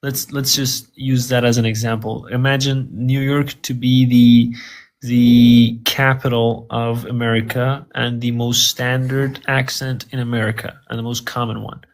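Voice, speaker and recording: Earnest male guest, mid-pitched, stumbles and restarts as he explains. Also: flat delivery, measured pace. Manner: earnest, repeats words while thinking. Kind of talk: interview answers.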